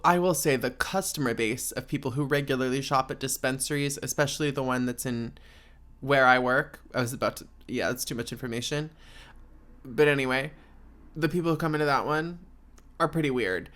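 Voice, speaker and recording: A man's voice: mid-range voice, fairly bright tone. A man hosting a casual solo podcast, rambling and sarcastic with plenty of fillers. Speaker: podcast host.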